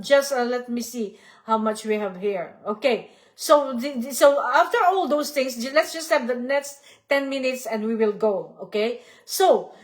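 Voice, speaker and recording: A woman leading a devotional study, explaining and repeating each point, often pausing to search for her words. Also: sits high. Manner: halting, searching for words with many pauses and restarts. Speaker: Bible study leader. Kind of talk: devotional teaching.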